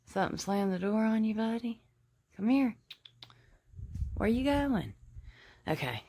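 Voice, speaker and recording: Filming her home on a phone she holds, a young woman rambles frantically and swears a lot. Her voice is mellow and sing-song, pitched on the high side, and she speaks unhurriedly.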